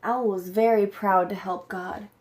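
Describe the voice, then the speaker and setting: A woman's voice: medium pitch, fairly even intonation, unhurried, darkish tone. A woman telling a folktale in a plain, homespun way for a storytelling class. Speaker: student storyteller.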